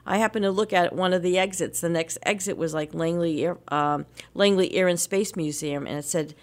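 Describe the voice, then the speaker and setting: A middle-aged woman from New England co-hosts a casual radio chat, telling long stories with lots of laughter. Her voice sits a little low for a woman. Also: brisk. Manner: chatty storyteller, laughs often. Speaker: radio show co-host.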